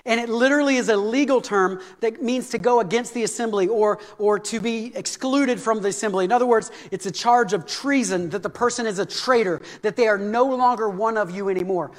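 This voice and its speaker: A middle-aged man preaching a sermon, animated and conversational with touches of humor. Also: extremely high pitch. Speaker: pastor. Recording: long hall reverb.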